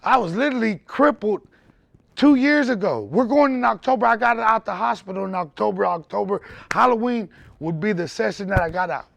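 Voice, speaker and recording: A man speaking as a podcast guest, telling his story in loud, animated, candid conversation and swearing freely. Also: sits high, a little fast, gravelly.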